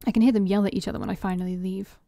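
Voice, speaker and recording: A woman streamer reading a story game aloud in expressive first-person narration. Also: mid-range voice, very fast, dry recording, soft background music. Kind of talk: reading a visual novel aloud.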